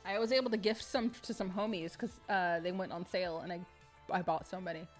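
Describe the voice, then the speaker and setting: A woman streaming a game live, chatting with viewers in a bubbly, excitable way and laughing often. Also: fairly low pitch, a little fast, faint music behind.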